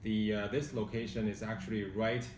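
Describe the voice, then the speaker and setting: A real estate agent with a measured, factual delivery, presenting a condo unit indoors. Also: male voice, on the low side, flat delivery, a little mellow, far from the mic, a little hiss or hum. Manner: measured, factual, hesitant fillers. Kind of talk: informative property presentation. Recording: roomy sound from off-mic.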